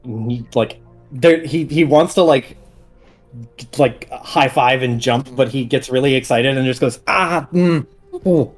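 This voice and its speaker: A man narrates a tabletop game as its game master, in a loose, chatty way with lots of fillers and the odd chuckle. His voice sits at an ordinary mid pitch. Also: fairly even intonation, a little slow, soft background music. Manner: casual, chuckling storytelling with many fillers.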